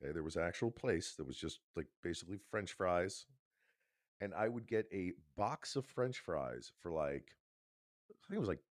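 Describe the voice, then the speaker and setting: A low-pitched man co-hosts a podcast, telling a personal story casually and emphatically and swearing now and then. The recording is dry and of studio quality.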